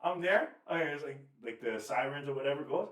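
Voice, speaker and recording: A man's voice: on the high side, fairly quick. Roomy, slightly distant man telling stories. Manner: animated, swearing, acts out quotes. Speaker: podcast co-host. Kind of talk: casual storytelling chat. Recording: roomy, off-mic sound.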